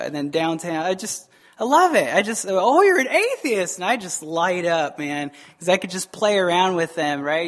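Male pastor, lively preacher, jokes, quizzes the pews. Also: sits high. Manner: animated, joking, quizzes the congregation. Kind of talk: sermon. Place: church service.

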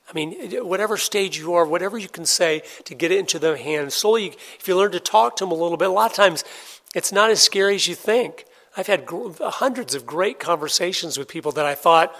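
A middle-aged man preaching a sermon, telling a personal story in an earnest way and swinging between loud, excited stretches and hushed ones. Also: high-pitched, fairly quick. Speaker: pastor.

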